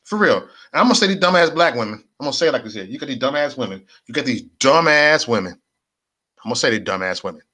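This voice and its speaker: A man riffing live to his chat. He circles back over the same phrases again and again, loose and slangy, with plenty of cursing. His pitch sits right in the middle for a man. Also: animated, fast talker, bright, forceful tone. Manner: rambling, repetitive, slangy and profane. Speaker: livestream host. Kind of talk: casual livestream rant.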